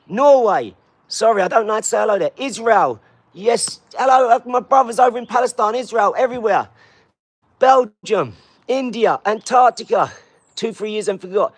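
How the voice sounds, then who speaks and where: Reading viewers' comments on a live stream, a man from England with a high-for-a-man voice calls out their hometowns in rapid succession, bursting with bouncy energy.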